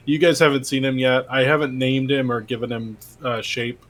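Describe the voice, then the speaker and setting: A man's voice: mid-range voice, level tone, moderate pace, a bit bright. A man playing in a tabletop game, talking casually and rambling through his plans. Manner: rambling, chatty, laughs easily. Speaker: player.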